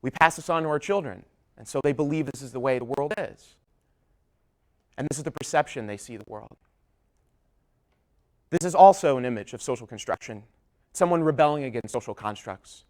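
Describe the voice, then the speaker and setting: A young man giving a public talk, telling a personal story, whose voice trails off low at the ends of his sentences. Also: brisk, pauses often. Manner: storytelling with shifting volume, drops low at line ends. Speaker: public speaker.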